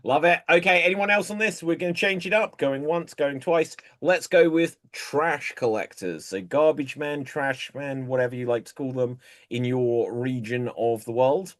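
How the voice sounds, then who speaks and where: A man's voice: mid-range voice, a bit bright. A man hosting an improv comedy game, calling on players by name and telling his own bar jokes in a casual way. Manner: unhurried, calls on players by name.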